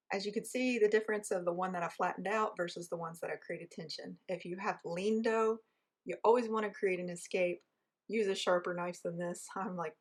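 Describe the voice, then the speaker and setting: A woman with a rural Southern American accent, giving a casual, chatty how-to lesson while she shapes dough with her hands. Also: on the low side. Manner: chatty, self-deprecating, talks while kneading dough. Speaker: home baker teaching.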